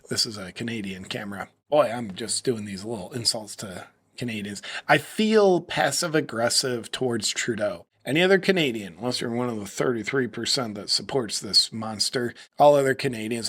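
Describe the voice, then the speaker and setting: A man's voice: medium pitch, fairly bright tone, breathy edge. A man in his forties hosting a political commentary video, mocking and sarcastic, switching into an ad read. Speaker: host.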